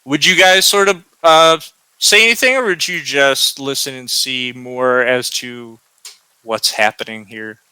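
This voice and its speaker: A man's voice: medium pitch, unhurried, sharp tone, clean tone, no room sound, poor audio. A man narrating a tabletop game as game master, hesitant with many fillers.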